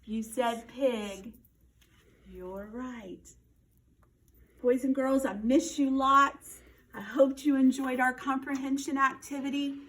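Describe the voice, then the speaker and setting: A woman teacher giving a slow, encouraging read-aloud lesson to young children, quizzing them and praising answers. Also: high voice. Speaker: first grade teacher. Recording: distant mic, faint background noise.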